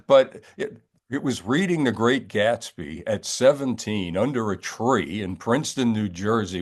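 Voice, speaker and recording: An older man from the New York area, an author telling his story in a wry, rambling interview chat. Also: lowish voice. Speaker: author guest.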